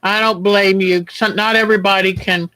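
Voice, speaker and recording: A man hosting a quilting livestream, chatting gently and reassuringly while he sews at home. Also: high voice, little pitch movement, normal speed, no room sound, poor audio. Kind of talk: casual chat while sewing.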